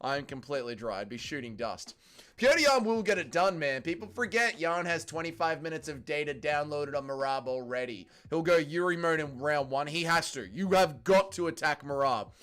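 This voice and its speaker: A man's voice: fairly high pitch, animated, normal speed, a bit bright. Ranting, profane Australian man. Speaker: livestream host. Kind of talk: casual livestream chat.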